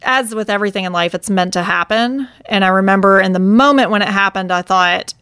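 A woman's voice: mid-range voice, fairly quick, a bit bright, clear, resonant tone, no room sound, studio quality. A woman in her thirties from the United States, telling her own life story in an emotional, reflective way. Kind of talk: personal storytelling.

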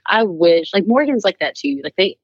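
Woman guest author, 30s, lowish voice, chatty and animated, slightly dull dry recording. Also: normal speed, husky, dry recording. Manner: animated, chatty, many "like"s and playful put-on voices. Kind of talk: casual interview chat.

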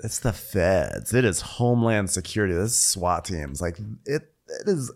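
A man's voice: low-pitched, animated, normal speed. A man co-hosting a podcast, laughing often as he chats casually about a reality show episode. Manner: laughs often, trails into amused asides. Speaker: podcast co-host. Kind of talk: casual recap chat.

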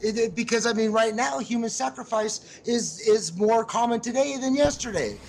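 A man calling in as a podcast guest, halting and philosophizing, repeating his words. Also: very high-pitched, creaky, a little mellow, a little hiss or hum. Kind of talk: casual call-in chat. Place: online voice call.

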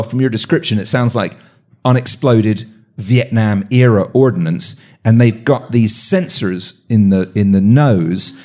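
A man telling a story as a guest on a live talk show, animated, with voiced quotes and frequent restarts. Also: mid-range voice. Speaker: guest, meteorite hunter. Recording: live audience event.

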